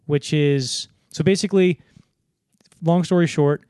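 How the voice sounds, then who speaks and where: A man's voice: a little high, steady tone, measured pace, a little mellow, clean tone, no room sound. Guy on a movie podcast, rambly, does little voices for the lines, dead dry mic. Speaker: podcast co-host. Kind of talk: casual film discussion.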